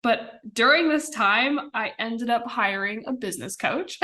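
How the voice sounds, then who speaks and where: A young woman from the American Midwest with a slightly high, sharp voice and lively intonation talks a little slowly as a podcast guest. The interview chat is casual and peppered with fillers and small laughs.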